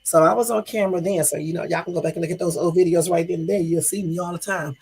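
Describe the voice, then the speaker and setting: A middle-aged woman chatting loosely on her livestream, her voice husky and full of gravelly fry. She rambles from one thing to the next, swears freely and answers viewers' comments directly. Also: lowish voice, fairly even intonation, fast talker, a little mellow. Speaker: livestream host. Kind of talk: casual livestream chat.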